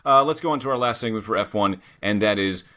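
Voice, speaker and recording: A man's voice: lowish voice, quick pace, pushed and bright. A man co-hosting a sports podcast in casual chat, joking around and telling playful stories. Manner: jokey, playful storytelling. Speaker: podcast co-host.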